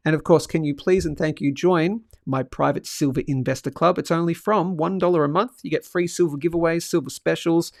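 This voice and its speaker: A man's voice: on the high side, steady tone, fairly quick, creaky, few pauses, no room sound, studio quality. A man hosting a casual livestream, joking around and reading out viewer comments. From Australia. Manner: chatty, jokey, reads out viewer comments. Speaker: livestream host.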